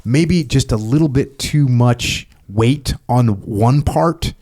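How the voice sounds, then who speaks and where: A man's voice: mid-range voice, takes it slowly, a little mellow. A middle-aged man hosting a podcast, talking casually and rambling, acting out quoted dialogue as he goes. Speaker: podcast host. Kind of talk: casual conversation.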